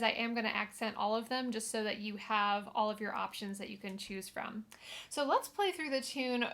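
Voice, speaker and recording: A young woman talks through a fiddle lesson in a relaxed, explanatory tone, now and then pausing with a filler. Her voice sits fairly high. Faint instrumental music sounds behind her. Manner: friendly, explanatory, with casual fillers. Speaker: fiddle teacher. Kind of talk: instructional video tutorial. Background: fiddle playing between phrases.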